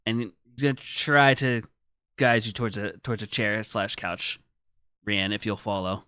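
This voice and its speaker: A man playing a tabletop game who talks in an animated, rambling way with quick restarts. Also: lowish voice, clear, resonant tone, no room sound, studio quality. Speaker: player. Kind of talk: casual tabletop play.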